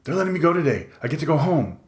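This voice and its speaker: A man's voice: mid-range voice, expressive, fast, pitched above the performer's own voice, lightly acted. Man voicing an eager childlike patient, bouncy, teasing, audiobook, roomy echo. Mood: excited. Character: excitable childlike male patient.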